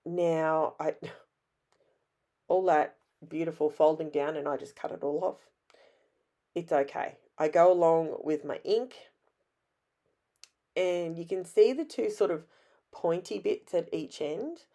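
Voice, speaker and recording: A middle-aged Australian woman with a hoarse, raspy voice, chatting in a rambling, self-deprecating way as she narrates her scrapbooking. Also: low-pitched, takes it slowly, long pauses, dark tone. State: hoarse from illness. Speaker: scrapbooking vlogger. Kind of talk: casual voice-over narration.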